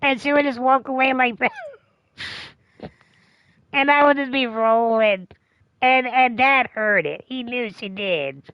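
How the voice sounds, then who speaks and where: A woman streamer chatting casually, telling a rambling, profane, animated story. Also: a little high, unhurried, long pauses, clear, resonant tone, dry recording, lo-fi sound. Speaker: game streamer. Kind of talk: casual chat.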